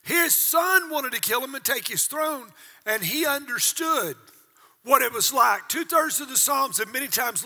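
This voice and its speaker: Older male pastor, 60s, high bright husky voice, dramatic sermon delivery, long church-hall reverb. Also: expressive, unhurried. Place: church auditorium.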